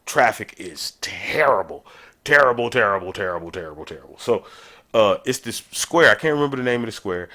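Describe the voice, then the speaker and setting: A man hosting a podcast, telling a travel story in a casual, animated storytelling way. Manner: animated, conversational, jumps in pitch for emphasis. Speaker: podcast host.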